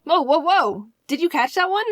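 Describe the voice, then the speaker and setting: A young woman telling funny stories and commenting casually, chatty and self-deprecating with bursts of excitement. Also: high voice, normal speed, no echo. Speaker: animation storyteller.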